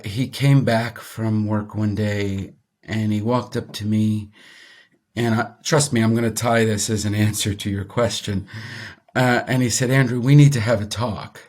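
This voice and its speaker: A middle-aged man, a guest on an interview show, telling a personal story in an animated way. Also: on the low side. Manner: animated storyteller, acts out quoted voices.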